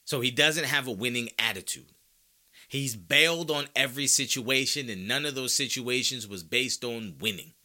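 A man's voice: mid-range voice, moderate pace, pushed and bright. A man hosting a sports podcast, ranting with strong opinions, casual slang and rhetorical questions. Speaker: podcast host.

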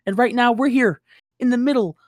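A man's voice: very high-pitched, fairly quick, darkish tone, no room sound, pitched above the performer's own voice. Woman quoting a moody teen boy, lightly read, dry close mic. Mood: annoyed. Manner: quoted in a recap, near own voice. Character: moody teen boy quoted at his party. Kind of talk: podcast recap quote.

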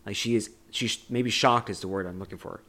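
A man's voice: lowish voice, brisk. Chatty man retelling a movie scene. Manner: animated retelling full of "like" and "you know". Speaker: podcast co-host. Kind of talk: casual movie discussion.

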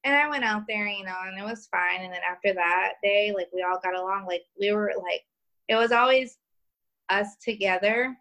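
A woman in her thirties from New York with a Southern twang, telling stories as a podcast guest in a laid-back, halting way. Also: medium pitch, steady tone, fairly bright tone, poor audio. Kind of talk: casual interview chat.

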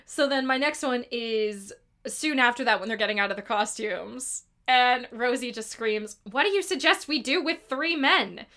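A young woman chatting casually as a podcast co-host, giggly and animated, swearing freely. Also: fairly high pitch, normal speed. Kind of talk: casual chat.

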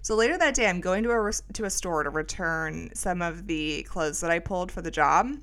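A middle-aged woman hosts a podcast, delivering a casual storytelling monologue that rambles and pokes fun at herself. Her voice is lowish, a bit bright and a little fast, with lots of fillers.

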